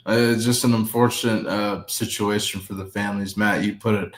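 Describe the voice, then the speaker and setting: Low-voiced agreeable male co-host, roomy sound. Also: steady tone, a little fast. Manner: agreeable, backchanneling. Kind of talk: casual sports talk. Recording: roomy echo.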